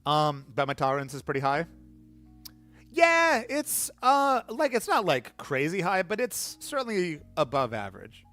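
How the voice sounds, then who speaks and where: A man's voice: fairly high pitch, wildly swooping pitch, measured pace, pushed and bright, soft background music. Rambling, chatty male streamer. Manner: rambling, chatty, self-deprecating. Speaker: livestream host. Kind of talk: casual chat while mixing cocktails.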